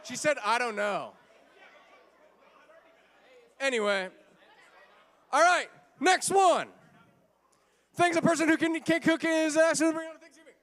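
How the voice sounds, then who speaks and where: High-voiced man hosting a rowdy game. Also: moderate pace, pauses often, a faint crowd. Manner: playful, teasing, bursts of shouting. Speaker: youth group game host. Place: crowded church room.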